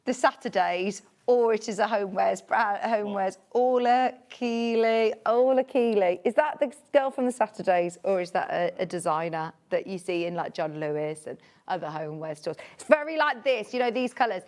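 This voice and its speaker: A woman's voice: fairly quick, few pauses. A woman presenting fabric on a live shopping channel, chatty and gushing with delight. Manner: chatty and gushing, swoops high with excitement. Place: TV studio.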